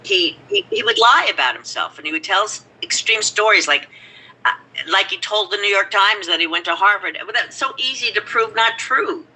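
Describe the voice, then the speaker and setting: An older actress reminiscing casually in an interview, telling rambling, animated stories. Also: female voice, medium pitch, normal speed, breathy edge, low-quality recording. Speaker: actress guest.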